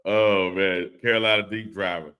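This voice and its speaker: A man's voice: low voice, fairly even intonation, moderate pace, bright, forceful tone, smooth. A man hosting a casual live-stream podcast, reading chat comments aloud and laughing along in a laid-back way.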